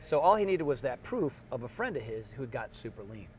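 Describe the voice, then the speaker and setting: Animated middle-aged male storyteller, big pitch swings, faint noise underneath. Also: brisk. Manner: animated storyteller, acts out quotes in funny voices. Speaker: guest, fitness trainer. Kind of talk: storytelling interview.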